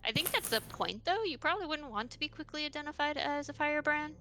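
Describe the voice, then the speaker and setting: A woman's voice: high voice, expressive, fast, bright, forceful tone, faint music behind. A woman playing a tabletop game, chatty and a bit hesitant. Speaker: player. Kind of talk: casual tabletop play.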